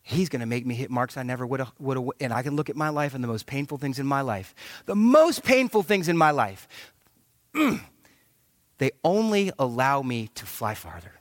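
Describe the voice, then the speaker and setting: A middle-aged male pastor preaching a sermon in an animated, joking manner. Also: medium pitch, normal speed, dry recording, clean studio sound. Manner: animated, joking preacher who acts out quotes.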